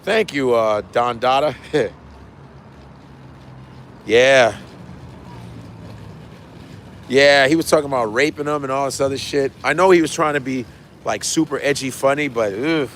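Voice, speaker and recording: A man's voice: medium pitch, normal speed, fairly bright tone, a little hiss or hum. A man hosting his own livestream as a comedian, chatting loosely with viewers, swearing and repeating lines for emphasis. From United States. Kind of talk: casual chat with viewers.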